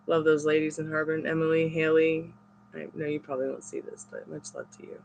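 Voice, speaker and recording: A woman reading tarot on a live stream, chatting casually with viewers and rambling in halting, restarting sentences. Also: deep voice, flat delivery, a little mellow, a little hiss or hum.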